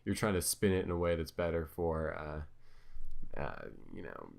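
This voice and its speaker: A man's voice: deep voice, sing-song, unhurried, vocal fry, darkish tone. A man giving casual commentary over his own clips, talking hesitantly with many ums and restarts. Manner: filler-heavy, hesitant, self-correcting.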